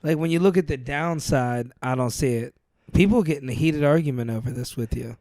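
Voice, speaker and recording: A podcast co-host with a mid-range, slightly mellow voice talks briskly through a rambling, slangy anecdote, laughing often and calling people "dude." It's casual storytelling chat, recorded dry with clean studio sound.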